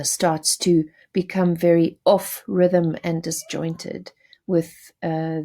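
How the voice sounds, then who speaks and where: A woman's voice: on the low side, vocal fry, warm tone. A woman teacher giving a patient poetry lesson, explaining terms with small restarts.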